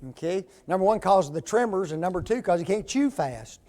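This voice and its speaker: A man's voice: high-pitched, lively intonation, fairly quick, warm tone. A man preaching a folksy sermon in a church, often putting questions to the congregation.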